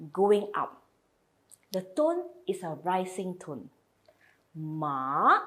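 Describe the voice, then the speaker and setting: A woman's voice: on the low side, darkish tone. A woman teaching a slide lesson, patiently modelling each sound and repeating it for learners. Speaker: language teacher.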